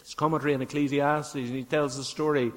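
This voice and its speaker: A man's voice: on the high side, flat delivery, quick pace. A man with a Northern Irish accent preaching a sermon, earnest and repeating key phrases for emphasis. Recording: long hall reverb.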